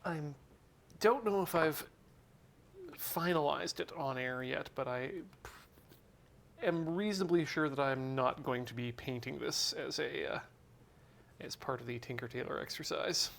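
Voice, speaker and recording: A man's voice: medium pitch, unhurried, vocal fry, pauses often, a bit bright. A man co-hosting a hobby stream, chatting casually and explaining his model build as he works. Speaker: stream co-host. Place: streaming studio.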